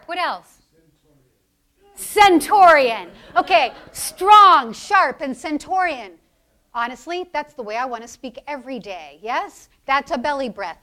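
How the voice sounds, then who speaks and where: A woman's voice: fairly high pitch, a bit bright. A woman teaching public speaking to a live audience, leading breathing exercises in an encouraging, playful coaching manner. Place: lecture hall with audience.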